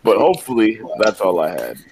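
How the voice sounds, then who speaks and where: A man's voice: on the low side, wildly swooping pitch, fairly quick, creaky. Teasing Midwestern man with crowd noise. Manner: teasing, jokey, mimics voices. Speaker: podcast co-host. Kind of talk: casual chat.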